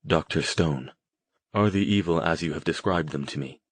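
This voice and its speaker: A man voicing a cold, dispassionate male mage who speaks flatly and without emotion. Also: extremely low pitch, moderate pace, husky, no room sound. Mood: probing. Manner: flat, clipped, emotionless.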